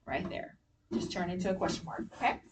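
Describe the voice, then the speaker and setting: A woman teaching a classroom reading lesson, encouraging and clear as she gives instructions. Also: on the low side, lively intonation, brisk. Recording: distant mic with faint noise.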